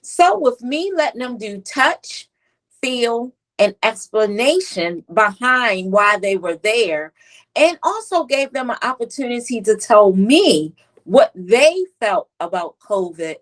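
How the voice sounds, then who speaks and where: A woman with a US East Coast accent tells stories as a guest in an interview, her voice sitting a little high. She is animated, and she slips into children's voices when she quotes them. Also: slow, rough recording. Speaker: pediatric nurse and author, guest. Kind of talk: conversational interview storytelling.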